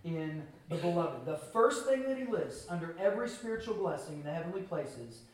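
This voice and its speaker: A man preaching a sermon as pastor to his church, with earnest emphasis and pauses. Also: on the high side, big pitch swings. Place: church sanctuary. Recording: very echoey hall, from a distance.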